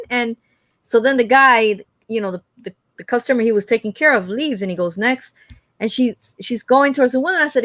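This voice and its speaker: A woman co-hosting a livestream, telling a lively story in casual chat and acting out the quoted lines with big jumps in pitch. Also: a little fast, no echo. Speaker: livestream co-host.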